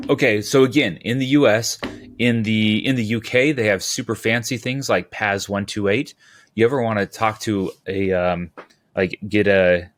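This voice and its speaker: A man from California talking as a podcast guest, rambling and animated, with quick asides and restarts. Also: lowish voice. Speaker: podcast guest, utility locator. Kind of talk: casual interview talk.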